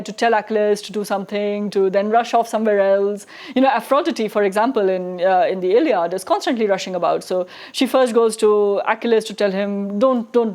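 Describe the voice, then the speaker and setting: Woman lecturer, fairly high voice, chatty delivery, restarts, frequent tag questions. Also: darkish tone. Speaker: philosophy lecturer. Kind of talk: recorded lecture.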